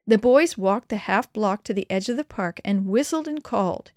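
A woman reading a storybook aloud in a steady, even manner, her pitch sitting in a middle range. The sound is dry and close with no room around it. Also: normal speed, no room sound. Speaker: narrator.

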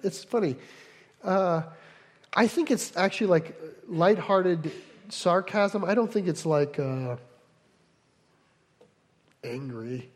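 A male pastor with a notably high voice, preaching in a loose, conversational way. He breaks off often for asides and explanations. His words ring with the long reverb of a big church hall. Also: lively intonation, slow, pauses often. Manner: conversational teaching with frequent asides. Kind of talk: sermon.

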